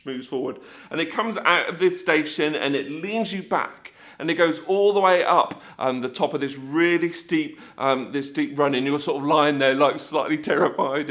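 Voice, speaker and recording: A man gives a church talk as a vivid storyteller, acting out scenes and making sound effects. His voice sits fairly high with a bright, forceful edge. His pitch leaps up and down all the way through. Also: expressive, moderate pace. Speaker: church speaker.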